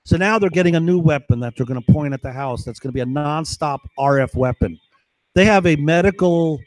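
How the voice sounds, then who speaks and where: A man's voice: mid-range voice, darkish tone, dry recording, low-quality recording. A man in an agitated, rambling monologue, repeating himself and swearing often. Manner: agitated, profane, repetitive. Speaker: vlogger.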